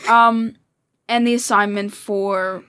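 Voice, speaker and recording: A woman's voice: medium pitch, steady tone, takes it slowly, a bit bright. A woman co-hosting a podcast, chatting casually and hesitantly, with many fillers. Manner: hesitant, with frequent fillers and restarts. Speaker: podcast co-host. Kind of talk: casual chat.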